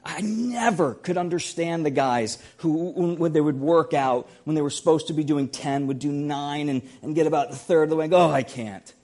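A man's voice: on the high side, a little fast, few pauses, a little mellow. Guy preaching, earnest and punchy, keeps hammering the same points home. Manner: earnest, emphatic, repeats key phrases. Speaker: pastor. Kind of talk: sermon.

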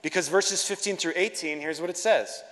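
A man's voice: high-pitched, moderate pace, fairly bright tone. A young man preaching a sermon in a church, earnest, often repeating words as he builds a point. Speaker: pastor. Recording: long hall reverb.

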